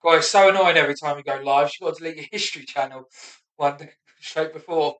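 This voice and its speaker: Thirties comic running his set alone, high and bright, self-mocking asides, recorded roomy from a distance. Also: fast talker. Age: 30s. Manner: self-mocking, sweary, muttering asides between punchlines. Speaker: stand-up comedian. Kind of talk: rehearsing a stand-up set aloud.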